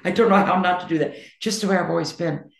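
A woman's voice: lowish voice, fast, vocal fry, echoey room. A woman being interviewed about her writing, talking in an emphatic, blunt and outspoken way. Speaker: interview guest, poet and songwriter. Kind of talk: candid conversational interview.

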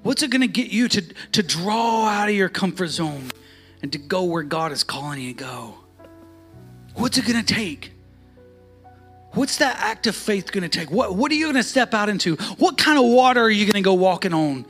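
A man preaching a sermon in a notably high voice. He swings from hushed asides to fervent, chanted calls. Soft music plays faintly behind him. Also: very animated, moderate pace.

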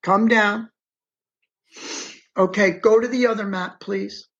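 Slow, emphatic man telling his story. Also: sits high, fairly even intonation, a bit bright, muffled recording. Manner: emphatic, re-enacts his own words and directs a map on screen. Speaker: interview guest, eyewitness. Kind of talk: dramatic first-person storytelling.

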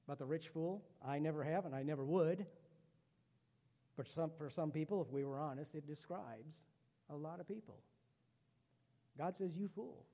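Middle-aged preacher guy, high voice, goes loud then drops to a hush, church echo. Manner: emphatic, swings between loud punches and hushed asides. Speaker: pastor. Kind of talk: sermon. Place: church sanctuary. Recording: long hall reverb.

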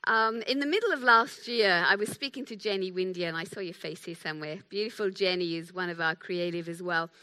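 A woman delivers a sermon in a bright, clear voice. She talks in a chatty, self-deprecating way, acting out little quotes as she goes. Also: on the low side, a little fast, hardly any pauses. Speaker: preacher.

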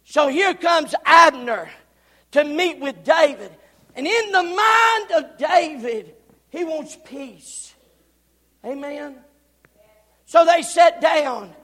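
A man preaching a Sunday sermon, calling for amens and breaking into shouts as he retells the story. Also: very high voice, expressive, slow pace, long pauses, long reverb tail. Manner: call-and-response, bursts into shouting. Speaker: pastor. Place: church.

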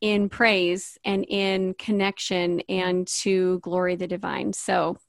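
A woman hosting a podcast, speaking in an earnest, measured way as she reflects and thanks her guest and listeners. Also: on the low side, flat delivery, vocal fry, dry recording, studio quality. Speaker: podcast host. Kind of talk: casual podcast conversation.

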